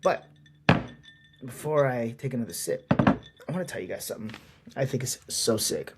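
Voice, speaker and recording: A man's voice: mid-range voice, expressive, moderate pace, very noisy. A man hosting his own podcast, talking candidly in a rambling, casual way with lots of fillers. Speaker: podcast host. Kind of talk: casual solo podcast monologue.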